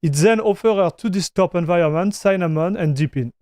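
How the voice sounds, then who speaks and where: Male streamer, casual chat host; raised pitch, close dry mic. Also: a little fast, a little mellow, dry recording. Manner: chatty, greets viewers, reads chat aloud; frequent restarts and fillers.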